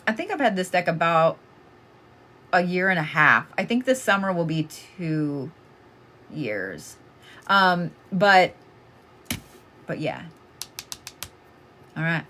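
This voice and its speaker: A woman's voice: lowish voice, animated, takes it slowly, pauses often, a bit bright. A woman giving casual live oracle card readings, blunt and chatty, swearing freely as she talks to callers.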